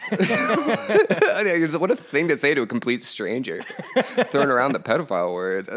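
A man guesting on a podcast, telling prank stories in a relaxed, rambling way and laughing often. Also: medium pitch, unhurried. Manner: laid-back, laughing, rambling storyteller. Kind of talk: casual chat.

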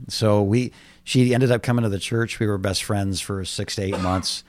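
Pastor guy in his 50s, really deep voice, dry close sound, jokey storyteller. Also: moderate pace, no echo. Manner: animated storyteller, jokes. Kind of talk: casual podcast interview.

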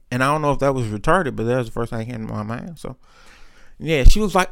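A man's voice: mid-range voice, lively intonation, fast talker, creaky, fairly bright tone, smooth. A young man hosting a podcast, telling candid, rambling stories in casual chat, full of profanity. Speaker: podcast host. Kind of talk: casual storytelling.

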